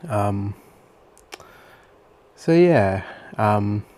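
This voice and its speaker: With a lowish, darkish voice, this young Australian vlogger draws out his words expressively as he rambles through his day. It's a chatty diary-style monologue, full of fillers and with some swearing.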